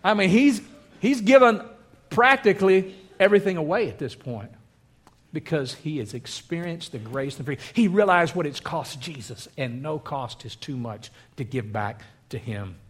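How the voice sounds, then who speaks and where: A man preaching a sermon, animated, acting out the voices of the crowd. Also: fairly high pitch, moderate pace, breathy edge. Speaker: pastor.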